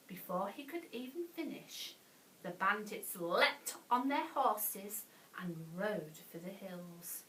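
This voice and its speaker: A woman reading a bedtime story to children, animated, with gasps and playful asides. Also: mid-range voice, slow, recorded from a distance. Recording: echoey room, voice off-mic.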